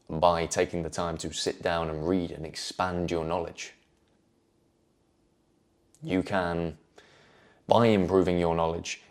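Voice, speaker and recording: A man giving a measured, earnest motivational talk, repeating phrases for emphasis. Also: deep voice. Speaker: self-improvement video host.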